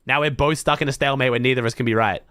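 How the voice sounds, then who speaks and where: A man's voice: mid-range voice, steady tone, racing, fairly bright tone, clean tone, no echo, studio quality. An Australian man streaming to his chat, thinking aloud in blunt, casual talk full of swearing. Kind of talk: casual livestream chat to viewers.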